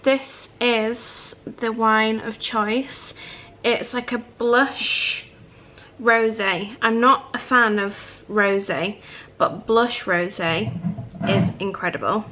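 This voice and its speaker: Slow-talking, chatty young woman vlogger. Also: on the high side. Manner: chatty, excitable, gushing. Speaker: lifestyle vlogger. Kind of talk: casual vlog narration. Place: cosy home living room.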